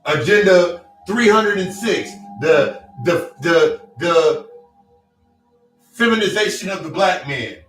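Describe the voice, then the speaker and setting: A man's voice: high-pitched, expressive, slow pace, fairly bright tone. Blunt, profane man preaching in an echoey room. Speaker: self-help speaker. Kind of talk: motivational monologue. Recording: echoey room, distant mic, faint music.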